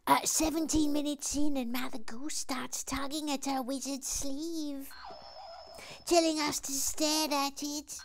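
A woman reading out viewer comments in a dry, even way. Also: high voice, measured pace.

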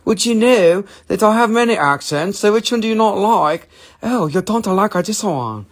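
A man's voice: high voice, expressive, normal speed, voice pushed up. A man putting on an exaggerated, mock-offended voice with a sing-song manner.

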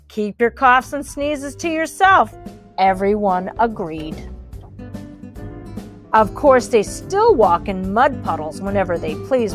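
A woman reading a children's picture book aloud in an animated, playful way, commenting on the pictures. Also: mid-range voice.

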